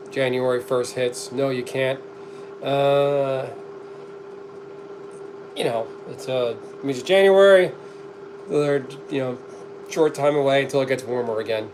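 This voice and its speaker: A man's voice: medium pitch, normal speed, long pauses. Dry-joking man streaming from his kitchen. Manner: dry, joking, talks to the camera while working, coughs often. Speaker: streamer cooking on camera. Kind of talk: casual live-stream chat reading comments. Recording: clear background noise behind the voice.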